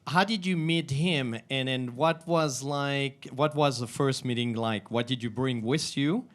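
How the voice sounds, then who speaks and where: A man moderating a panel, asking questions haltingly and rephrasing as he goes. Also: mid-range voice, a bit bright.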